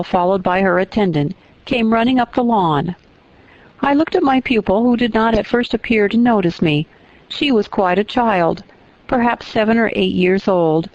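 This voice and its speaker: A woman narrates a classic novel at an even, measured pace. Her voice sits in the middle of the range, recorded dry and close with a slightly muffled sound. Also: medium pitch, no room sound. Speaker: audiobook narrator. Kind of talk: scripted narration.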